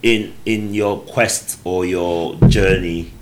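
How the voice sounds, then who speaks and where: A man's voice: low-pitched, fairly even intonation, slow, heavy background noise. A man hosting a casual podcast conversation, playful and teasing, laughing often. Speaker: podcast host.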